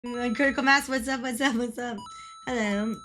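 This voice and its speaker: A woman's voice: on the high side, fairly even intonation, moderate pace, fairly bright tone, faint music behind. A woman streaming a game, chatting casually with viewers, giggling often and swearing freely when she gets worked up. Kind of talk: casual livestream chat.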